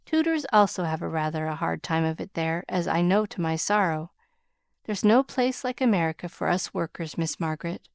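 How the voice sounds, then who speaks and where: Woman narrator doing a gentle young male tutor; smooth, encouraging, dry close mic. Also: lowish voice, animated, normal speed, no echo.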